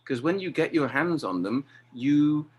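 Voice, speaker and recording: A middle-aged man talking about directing, lively and acting out exchanges he quotes. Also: a little high, a little slow, breathy edge. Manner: animated, acts out quoted exchanges. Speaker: theatre director. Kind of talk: conversational interview.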